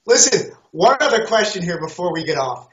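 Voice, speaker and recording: A man hosting an interview, asking relaxed questions in casual chat. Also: high voice, fairly quick. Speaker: host. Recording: dull, roomy audio.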